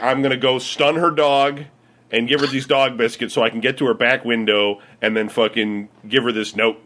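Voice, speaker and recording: A podcast regular with a mid-range voice and a Midwestern American accent tells rambling, profane stories to his friends, swearing, laughing and giving the characters lively voices. There is slight background noise.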